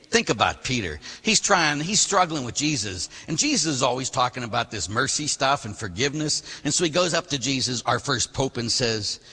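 A priest preaching a sermon, lively and animated, acting out voices from the story he reads. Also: mid-range voice, slightly rough. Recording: long reverb of a large hall.

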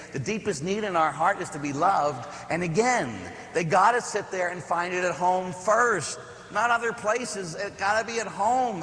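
Priest telling stories in a hall. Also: male voice, a little high, a bit bright. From Pittsburgh area. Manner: conversational storytelling with asides and rhetorical questions. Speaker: parish priest. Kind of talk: homily. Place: church. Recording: echoey church hall, faint ambience.

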